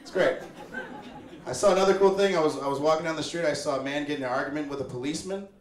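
A man's voice: a little high, racing. A young man from Chicago doing a laid-back, wry stand-up set, acting out the people he talks about. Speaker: stand-up comedian. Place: small apartment living room with a live audience. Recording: roomy live recording with audience laughter.

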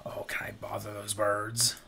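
A man's voice: fairly low pitch, monotone, moderate pace, creaky, background noise. A man playing through a game, chatting playfully, joking, swearing, and reading the on-screen text aloud. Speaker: let's play gamer. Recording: game music playing under the voice. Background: game music.

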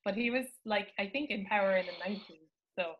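An actress chatting playfully on a video call panel, giggling between remarks. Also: female voice, medium pitch, quick pace, a bit bright, a little hiss or hum, low-quality recording. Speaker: lead actress. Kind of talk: casual panel chat.

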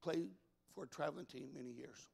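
A man preaching a folksy, emphatic sermon that builds to shouts in a large church. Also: on the high side, a little fast, gravelly, slightly rough, in a large hall. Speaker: pastor.

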